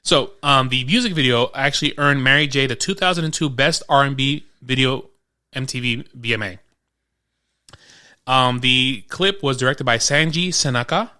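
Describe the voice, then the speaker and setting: A man co-hosts a casual podcast chat. His voice is bright, and he jokes his way through stories, acting out what people said. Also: mid-range voice, normal speed, clear, resonant tone. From Queens, New York. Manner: joking, tells stories with quoted voices. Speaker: podcast co-host.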